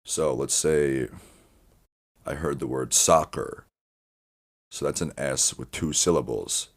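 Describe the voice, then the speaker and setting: A man with an extremely deep voice and a gravelly rasp running through it. He talks in a loose, wandering podcast monologue, doubling back mid-sentence and swearing casually. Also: slow. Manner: meandering, frequent restarts and swearing. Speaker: podcast host.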